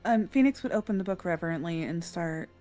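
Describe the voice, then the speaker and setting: A woman's voice: on the low side, animated, a little fast, dark tone, faint music behind. A woman playing a tabletop game, describing her character's actions in a hesitant, agreeable way. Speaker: player. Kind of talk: tabletop role-play.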